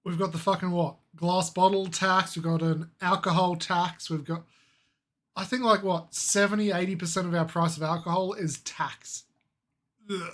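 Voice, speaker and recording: A man's voice: high voice, steady tone, normal speed, a bit bright. A man with an Australian accent, a streamer giving casual reaction commentary, joking and sweary.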